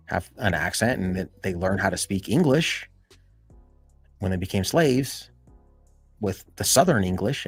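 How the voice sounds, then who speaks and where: Man, low voice, husky, dry close sound, faint music behind, casual rambling stream chat, lots of fillers. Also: no room sound. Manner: rambling, heavy on fillers like "you know" and "like". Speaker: live stream host.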